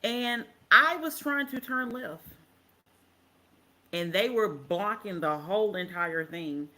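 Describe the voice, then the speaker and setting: Slow, bright-voiced podcast co-host. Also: medium pitch, animated. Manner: slow, measured storytelling with pauses. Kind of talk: casual chat.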